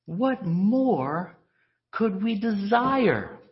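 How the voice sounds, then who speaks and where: A man's voice: high-pitched, very animated, extremely slow, voice pushed up, full character voice. A man preaching in the first person as a male teacher pleading with his followers, earnest and emphatic. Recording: dull lo-fi recording.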